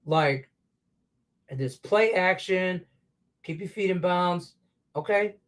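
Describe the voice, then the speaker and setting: A man hosting a live betting show, ranting profanely about the game on screen. His voice sits a bit high for a man, and he swings from loud outbursts down to low grumbles. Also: takes it slowly. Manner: profane, excitable, rants then mutters low. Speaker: sports betting show host.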